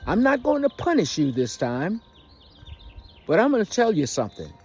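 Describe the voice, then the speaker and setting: A man voicing a stern older sheriff grandfather who lectures slowly and commandingly. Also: high voice, huge pitch swings, darkish tone, breathy edge, voice pushed up, heavily acted.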